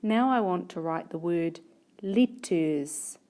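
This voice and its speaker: A woman teaching a spelling lesson, slowly stretching words into syllables and sounding out each letter. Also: medium pitch, lively intonation, warm tone. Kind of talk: slow, deliberate classroom spelling lesson.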